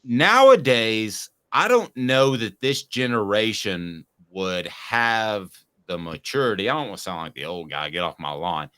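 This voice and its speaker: Low, lively man hosting sports talk. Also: a little slow, few pauses, clear, resonant tone. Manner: opinionated, reads listener comments aloud. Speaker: sports talk show host.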